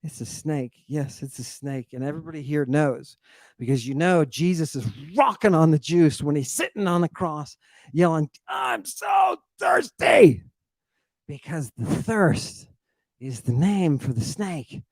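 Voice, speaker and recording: A man giving an animated livestream lecture on ancient texts, theatrical and slangy, repeating his exclamations for emphasis. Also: on the high side, moderate pace, no echo.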